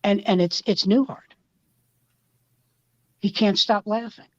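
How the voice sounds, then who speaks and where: A woman's voice: medium pitch, slow, dry recording, dull audio. A woman comedian telling a showbiz anecdote in casual chat, acting out the people in it. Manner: animated anecdote telling with quoted voices.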